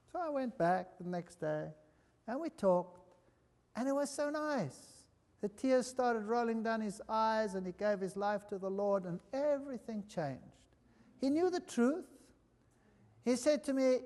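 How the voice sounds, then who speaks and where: A male preacher delivers a sermon in a big reverberant hall, with lively swings of pitch. He talks to the congregation as if in conversation, punching some words loudly and dropping others low. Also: unhurried. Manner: emphatic, conversational, swings between loud and hushed. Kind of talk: sermon with storytelling. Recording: long reverb of a large hall.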